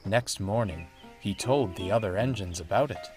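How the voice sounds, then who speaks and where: A man narrating a read-aloud story in a measured, expressive way. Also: on the low side. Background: music.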